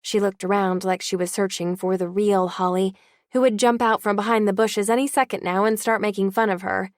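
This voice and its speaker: A woman reads a novel aloud in the first person with a calm, even manner. Her voice sits in a middle range. The recording is dry and close. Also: medium pitch, fairly quick, dry recording. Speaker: audiobook narrator. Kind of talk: first-person audiobook narration.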